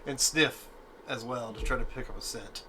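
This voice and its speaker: A man's voice: medium pitch, steady tone, moderate pace, pushed and bright, slight background noise. A man playing a tabletop game, chatting casually and joking. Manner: laughing, joking. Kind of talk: casual chat.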